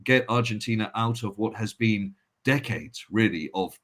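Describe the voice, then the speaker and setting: A man's voice: on the low side, normal speed, a bit bright. Blunt sardonic man guest. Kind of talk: casual chat.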